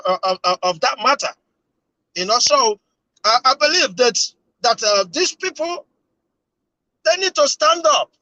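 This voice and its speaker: A man's voice: high voice, dry recording, poor audio. A man speaking as a panelist with a sore throat, hesitant and full of ums. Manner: hesitant, heavy with ums, grows more forceful. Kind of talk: casual panel discussion.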